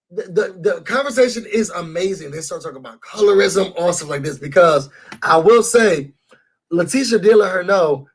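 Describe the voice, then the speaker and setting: A man with a high-pitched voice rants through a reality-show recap. His tone is husky and a little raspy. He talks animatedly and speaks straight to his viewers. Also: expressive, moderate pace. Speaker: YouTube show reviewer. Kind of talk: casual recap rant.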